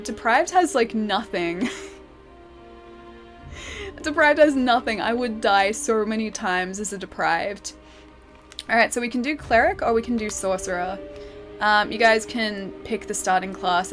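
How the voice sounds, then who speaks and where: A woman's voice: medium pitch, normal speed, fairly bright tone, faint music behind. A young Australian woman chatting casually while livestreaming a game, giggling often and answering her chat. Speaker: streamer. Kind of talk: live game stream chat.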